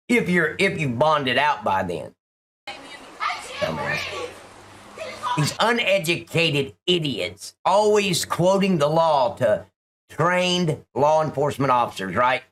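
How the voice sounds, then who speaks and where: A middle-aged man delivers indignant, profane commentary on a police video. His voice is bright and quite high for a man, with a lively, swinging pitch. He is sarcastic throughout. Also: measured pace. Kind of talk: reaction commentary.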